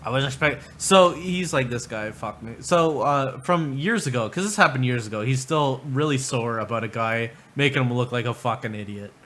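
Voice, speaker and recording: Profane rambling man, bright voice. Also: mid-range voice, moderate pace, hardly any pauses, slight background noise. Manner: rambling, profane, mocking, laughs often. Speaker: streamer. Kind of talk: crude ranting livestream commentary.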